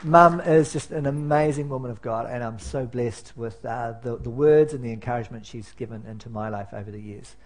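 A man's voice: mid-range voice, a little fast, few pauses. A man preaching as pastor in a church, conversational and self-deprecating, with many fillers and restarts. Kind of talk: sermon.

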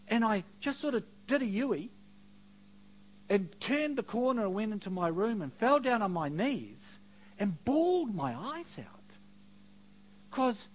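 A middle-aged man preaching a sermon, telling a personal story with self-mocking asides and swings between quiet and loud. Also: sits high, a little hiss or hum.

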